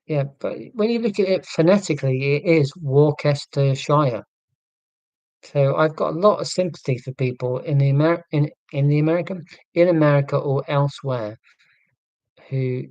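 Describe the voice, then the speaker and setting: A man's voice: on the high side, darkish tone, no room sound, highs cut off. A man with an English Midlands accent chatting casually and wryly, rambling a little as he talks. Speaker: channel host. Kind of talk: casual chat.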